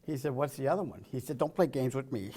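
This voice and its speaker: A man giving a political speech full of jokes and one-liners, chuckling at his own punchlines and swinging between loud quips and low, muttered asides. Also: fast talker, slight background noise. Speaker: political speaker. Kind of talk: joke-filled political speech.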